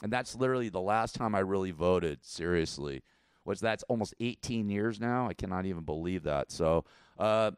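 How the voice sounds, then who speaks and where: Smooth-voiced man around sixty, rambling. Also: deep voice, animated, normal speed, no echo, studio quality. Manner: rambling, repeats himself, chuckles often. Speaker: show host. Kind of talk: casual political commentary.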